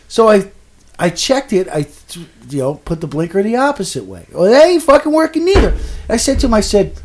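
A man telling an exasperated, profane story in a casual chat, swinging between low mutters and loud outbursts. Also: wildly swooping pitch, fairly quick.

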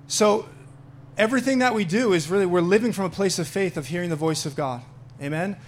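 High-voiced earnest male preacher. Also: slight background noise. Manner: earnest preaching, rising louder when reading scripture aloud. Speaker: pastor. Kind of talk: sermon with scripture reading.

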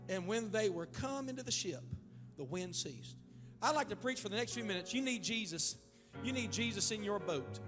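A male pastor with an Ohio accent preaching a fiery sermon, building to loud shouts and calling on the congregation. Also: sits high, animated, moderate pace. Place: church sanctuary. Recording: live church hall with long reverb and faint music.

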